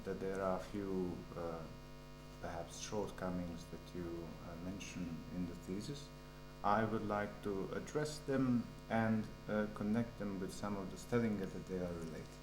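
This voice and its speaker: A man gives a hesitant, formal answer as a doctoral candidate, pausing often with uh. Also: sits low, fairly even intonation. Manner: hesitant, many filled pauses. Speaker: doctoral candidate defending his thesis. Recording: echoey hall with a hum.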